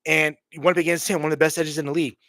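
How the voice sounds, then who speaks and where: A man hosting his own live stream, reacting with loud excitement and a lot of swearing, repeating himself and calling the audience bro and homie. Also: a little high, rapid-fire, no echo, clean studio sound. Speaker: streamer hosting a draft watch party.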